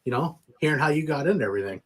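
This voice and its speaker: Quick-talking motorcycle podcast host, man. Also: fairly high pitch, breathy edge. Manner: relaxed, easygoing sign-off with fillers. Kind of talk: casual chat.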